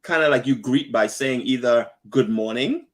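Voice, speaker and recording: A man's voice: mid-range voice, normal speed. Chatty male travel vlogger. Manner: chatty, laughs often, reads viewer comments. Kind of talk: casual live stream chat.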